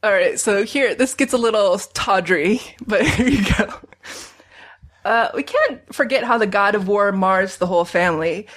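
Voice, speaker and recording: A woman's voice: medium pitch, normal speed, a bit bright. A woman reading her own pun-filled story of the gods aloud to friends and laughing at her own jokes. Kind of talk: casual chat, reading puns aloud.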